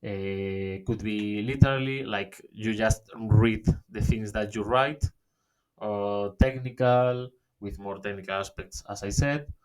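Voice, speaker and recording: Slow-talking man giving a webinar. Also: fairly low pitch, fairly even intonation, smooth. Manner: halting, many fillers and restarts, says "okay?" often. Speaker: webinar presenter. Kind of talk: online workshop talk.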